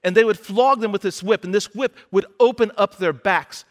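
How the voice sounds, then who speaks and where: A man's voice: high-pitched, moderate pace. A man preaching a sermon, retelling a scripture story in a conversational way and acting out the characters' lines.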